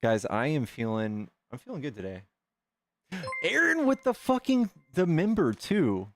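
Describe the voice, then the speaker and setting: A man hosting a casual livestream, excitedly thanking donors and chatting with callers. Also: fairly high pitch, measured pace, a little hiss or hum. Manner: excitable, reads donations aloud. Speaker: livestream host.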